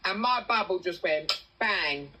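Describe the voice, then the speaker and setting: An English woman on a casual livestream, telling a personal story in animated bursts and swearing freely. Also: on the low side, unhurried, husky, rough recording. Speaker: TikTok livestreamer.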